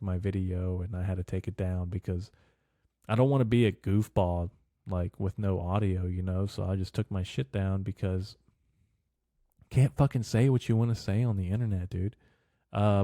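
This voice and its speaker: A man's voice: deep voice, warm tone, dry recording, studio quality. A young man hosting a podcast, rambling casually and cursing constantly. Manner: loose, profane, rambling with frequent "bro" and "dude". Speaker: podcast host.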